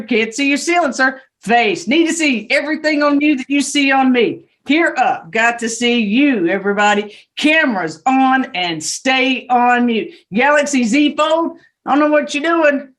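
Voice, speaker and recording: Woman, Southern US accent, judge, high voice, brisk, stern, joking, courtroom instructions. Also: fairly bright tone. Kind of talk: courtroom instructions on a video call.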